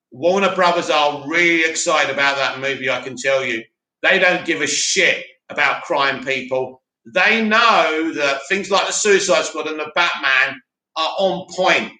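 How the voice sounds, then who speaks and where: Casting: young South London guy, high, very bright voice, animated live-chat host, echoey room. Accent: South London English. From Bromley, England. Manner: animated, banter with chat, swears casually. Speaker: host of a live movie news stream. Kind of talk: casual live-stream chat reading comments.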